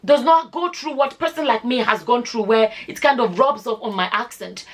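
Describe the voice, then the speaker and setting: A woman's voice: a little high, moderate pace. A Nigerian woman in her forties with a Nigerian accent, chatting casually to camera in a rambling, self-correcting way that slips into pidgin. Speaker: vlogger.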